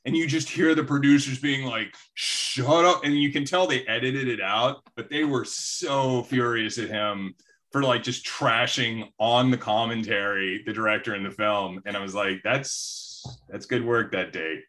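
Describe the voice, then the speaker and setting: A man's voice: medium pitch, moderate pace, a bit bright. A man in casual podcast chat, telling anecdotes about film and acting out quoted voices.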